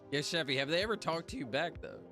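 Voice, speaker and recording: Male streamer, casual chat with viewers, very animated pitch, spells letters aloud, music bed underneath. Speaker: livestreamer. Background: music playing.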